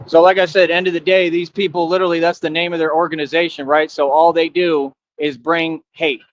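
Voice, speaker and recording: Brash fast-talking man ranting on stream. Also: on the high side, little pitch movement, no room sound, muffled recording. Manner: brash, confrontational, slangy trash talk. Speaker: livestreamer. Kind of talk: boastful livestream rant.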